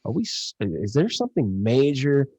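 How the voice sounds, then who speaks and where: Animated storytelling man, dry close sound. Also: mid-range voice, moderate pace, husky, no room sound, low-quality recording. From USA. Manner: animated storyteller, acts out quoted exchanges, laughs often. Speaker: podcast guest, geologist. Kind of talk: casual interview chat.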